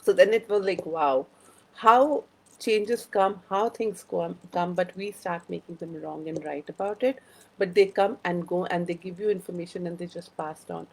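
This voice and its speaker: A woman hosts a casual live-stream chat. She rambles through personal stories and greets viewers by name. Her voice sits low and has a gravelly, fry-edged texture. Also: moderate pace, a little mellow, low-quality recording. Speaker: host of a live wellbeing chat.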